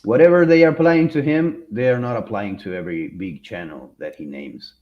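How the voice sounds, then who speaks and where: A man co-hosting a podcast, chatting casually in an animated, rambling way, often restarting his sentences and laughing. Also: lowish voice, a little fast, highs cut off. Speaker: podcast co-host. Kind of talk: casual chat.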